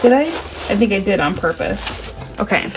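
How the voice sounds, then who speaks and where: A woman in her thirties chatting casually to viewers as she unboxes budgeting supplies, excitable and gushing, with quick asides. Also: medium pitch, vocal fry. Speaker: budgeting vlogger.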